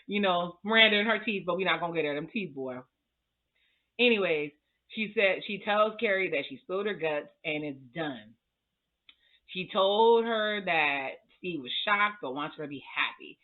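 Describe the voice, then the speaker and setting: A middle-aged woman recapping a TV episode in a sassy, animated way, swearing freely and. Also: fairly low pitch, moderate pace. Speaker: show recap vlogger. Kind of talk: casual chatty recap. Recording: tinny phone-like audio.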